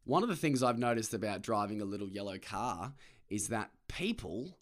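A man's voice: fairly low pitch, moderate pace. Sweary Australian man ranting in a car. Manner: sweary, animated, acts out other people's voices. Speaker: podcast host. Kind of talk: casual ranting monologue. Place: parked car.

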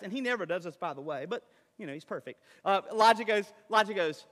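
Man pastor, lively sermon delivery with rhetorical questions; high, bright voice ringing in a hall. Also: quick pace. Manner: animated preaching with rhetorical questions and impersonations.

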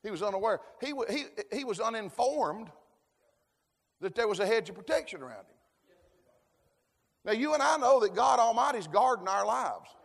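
A man preaching a folksy sermon, calling for amens and building to shouts. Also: sits high, very animated, moderate pace, vocal fry, pauses often. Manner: folksy, call-and-response, rising to shouts. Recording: long hall reverb.

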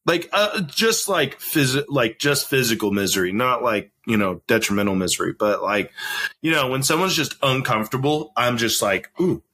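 A man's voice: mid-range voice, moderate pace, husky. A man hosting a podcast, telling army stories in a casual chat, often laughing and acting out the other people in them. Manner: animated, laughs often, acts out quoted voices. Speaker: podcast host.

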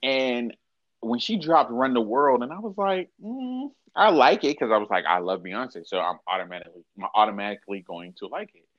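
Brisk and lowish in pitch, a man in his early thirties co-hosts a podcast, rambling through casual chat and often restarting or correcting himself. The sound is dry and lo-fi.

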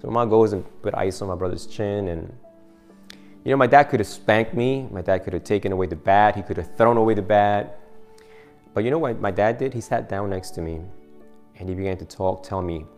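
A deep-voiced middle-aged man preaches in a relaxed storytelling way. He often restarts his phrases as he talks to the congregation. Faint music plays softly behind him. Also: fairly quick. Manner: conversational storytelling, many restarts. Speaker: pastor. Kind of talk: sermon with personal story.

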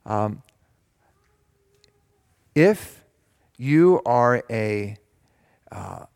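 A man preaching a sermon, reading scripture slowly with emphasis and explaining it in simple terms. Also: medium pitch, expressive, darkish tone, clean tone, no echo, studio quality. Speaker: pastor.

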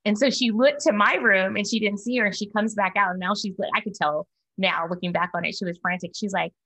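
A woman's voice: mid-range voice, quick pace, bright, forceful tone, rough recording. A woman in her forties telling a personal story in a candid, reflective way, as co-host of a casual talk. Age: 40s.

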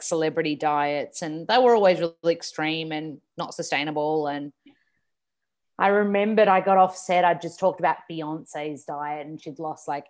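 This is an Australian woman in her thirties, talking casually as an interview guest. Her voice sits a little low for a woman. She rambles in an animated way, full of fillers. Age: 30s. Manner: chatty and animated, lots of "like" fillers. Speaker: guest, TV presenter and yoga teacher.

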